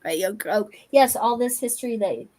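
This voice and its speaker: Chatting while she crafts, this Colorado livestream host wanders through her thoughts, restarting often and leaning on fillers. She speaks at a normal speed in an expressive, slightly mellow medium-pitched voice.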